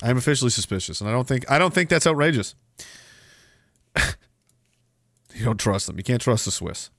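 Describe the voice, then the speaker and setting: A man hosting a livestream, reading chat and ranting in a sarcastic, profane way, dropping to mumbles and rising to loud outbursts. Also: mid-range voice, lively intonation, brisk, no echo, studio quality.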